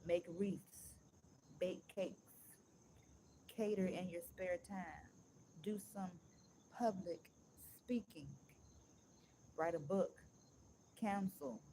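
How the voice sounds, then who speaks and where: A woman vlogger, ranting bluntly to her viewers, swearing freely and slowing down to read aloud with emphasis. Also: on the low side, mellow, slight background noise. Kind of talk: casual motivational rant to viewers.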